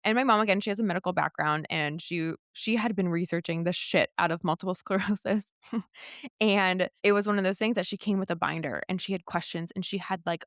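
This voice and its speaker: A woman's voice: lowish voice, brisk, no echo, clean studio sound. A young woman in a casual podcast conversation, candidly retelling her experiences and acting out what people said to her. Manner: candid, animated retelling with quoted dialogue. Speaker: podcast guest.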